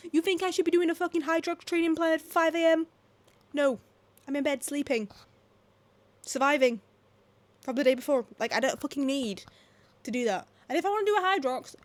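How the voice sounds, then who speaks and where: A woman, ranting casually to camera at home, animated and full of swearing and "like". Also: fairly high pitch. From England. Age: 20s. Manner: swearing, animated, fast-shifting, lots of "like". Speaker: vlogger. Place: at home, indoors.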